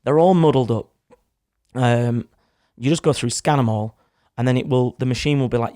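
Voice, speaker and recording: A man's voice: mid-range voice, normal speed, pauses often, warm tone, no room sound, clean studio sound. A young man, casually telling a rambling story in a podcast chat, with some swearing. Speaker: podcast guest. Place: studio. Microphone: studio microphone.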